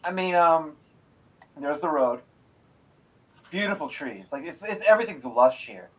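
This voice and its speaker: Husky-voiced male game master. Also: on the high side, animated, measured pace, a bit bright, poor audio. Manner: casual, laughs often, swears freely. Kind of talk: narrating a tabletop game. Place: streamed online game session.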